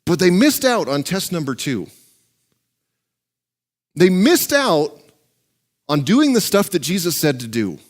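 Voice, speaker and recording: A man's voice: high-pitched, very animated, measured pace, long pauses. A male pastor preaching a sermon in a joking, conversational way.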